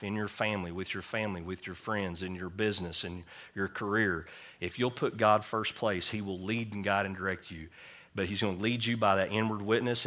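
A middle-aged man, a pastor, preaching a sermon at a church service and telling stories with lively acted-out quotes. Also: on the low side. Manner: animated storytelling with acted quotes.

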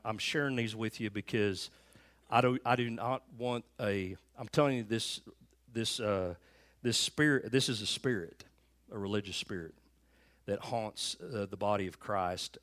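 A man's voice: on the low side, a bit bright. A man preaching a sermon as pastor, telling stories earnestly and restarting his phrases often. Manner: earnest storytelling with frequent restarts. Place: church sanctuary.

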